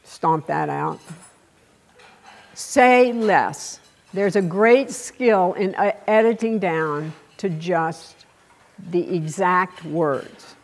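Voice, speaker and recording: A woman's voice: lowish voice, animated. Blunt older Texan woman giving a keynote. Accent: Texas. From Texas. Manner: blunt, salty, storytelling with dramatic pauses. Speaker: keynote speaker. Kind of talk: keynote speech with stories.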